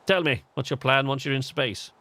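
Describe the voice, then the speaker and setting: A man's voice: medium pitch, moderate pace, natural voice. A man reading out a cheerful, encouraging male alien astronomer with an English accent, a friendly mentor seeing off a young astronaut. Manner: warm, encouraging, chatty.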